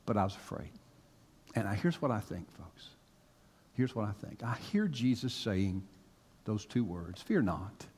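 Male pastor, animated storyteller, expressive pitch, recorded in a long-reverb sanctuary. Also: unhurried, long pauses, a little hiss or hum. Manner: animated storytelling, swinging from hushed to loud. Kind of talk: sermon. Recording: long reverb of a large hall.

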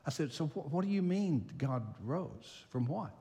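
Older pastor preaching, lively pitch, hall reverb. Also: male voice, normal speed, few pauses. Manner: animated storyteller, repeats phrases for emphasis. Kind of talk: sermon with personal anecdote.

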